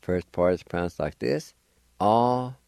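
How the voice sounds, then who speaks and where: A man's voice: lowish voice, slow pace, a little mellow, dry recording. A man hosting a radio language lesson, spelling words out letter by letter and patiently encouraging listeners to practice. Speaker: radio language teacher and host.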